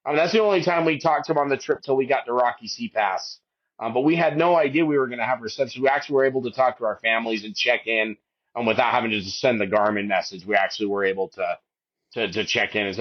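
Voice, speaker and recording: In a podcast interview, an earnest hiker in his fifties shares an emotional tale at a quick pace, with frequent restarts and wandering asides. He goes high-pitched to quote his wife, and the sound is lo-fi.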